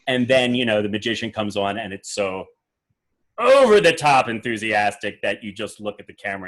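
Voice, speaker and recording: A man's voice: mid-range voice, fast. A man hosting a casual reaction commentary on a magic act, rambling and acting out quotes with fillers. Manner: animated, rambling, acts out quotes. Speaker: magician host reviewing a performance.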